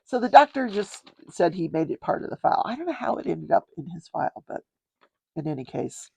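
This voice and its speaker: A woman's voice: lowish voice, big pitch swings, fairly quick, vocal fry, mellow, husky, no echo. An older woman hosting a casual show, chatting her way through a trial recap and wandering off to talk about her crafts. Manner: chatty, digressive, explains legal terms plainly. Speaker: host.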